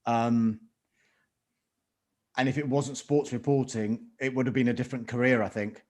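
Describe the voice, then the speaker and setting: A man's voice: medium pitch, fairly even intonation, normal speed, a little mellow. Reflective man on a media panel. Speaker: panel guest, sports reporter. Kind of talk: panel discussion.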